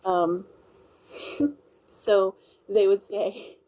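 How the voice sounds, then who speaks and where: This livestream host is a woman from Louisiana whose country, Cajun-accented speech comes through warm and medium-pitched, with fairly even intonation at a normal speed. The audio is poor as she rambles casually and thanks her viewers.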